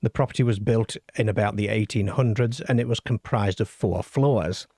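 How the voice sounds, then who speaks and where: A man's voice: on the low side, normal speed, mellow, breathy edge, no echo, clean studio sound. A middle-aged or older man hosting a late-night paranormal call-in show, reading out listener stories and chatting wryly with his live audience. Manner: wry, self-deprecating, chatty with the live chat.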